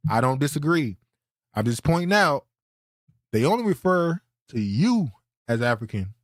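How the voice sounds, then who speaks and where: A man delivers podcast reaction commentary in an indignant, blunt tone. He often repeats a word as he restarts his thought. His voice sits at a middle pitch and sounds dry, with no room around it. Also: big pitch swings, normal speed, no room sound. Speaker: podcast host reacting to clips.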